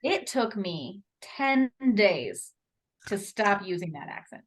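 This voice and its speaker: Podcast co-host lady, super animated, pitch all over the place, laughs a lot. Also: slow. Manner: animated, laughs often, reflective asides. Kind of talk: casual chat.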